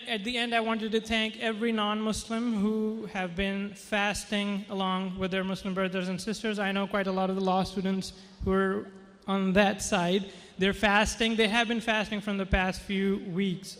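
High, flat-voiced man thanking guests. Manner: hesitant with frequent fillers. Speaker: event speaker recognizing guests. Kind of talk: informal welcome remarks. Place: banquet hall at an event. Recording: long reverb in a large hall.

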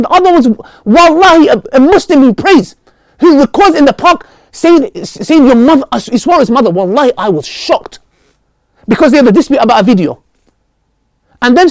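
A man, a Muslim preacher talking earnestly and passionately to his viewers, swinging between loud outbursts and quiet pleading. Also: extremely high pitch, no room sound, clean studio sound. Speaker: Muslim preacher and video creator. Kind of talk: heartfelt direct-to-camera talk.

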